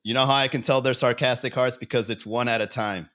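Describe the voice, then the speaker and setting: A man's voice: mid-range voice, steady tone, fast talker, bright, forceful tone. Rambling, profane comedian man chatting to viewers. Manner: rambling, profane, chuckles at own jokes; talks straight to chat viewers. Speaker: comedy livestream host. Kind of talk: casual livestream banter.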